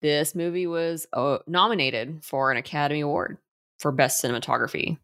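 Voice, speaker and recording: A woman's voice: sits low, a little fast, fairly bright tone, no room sound, studio quality. A woman co-hosting a casual movie podcast, chatty, with lots of fillers and restarts. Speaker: podcast co-host.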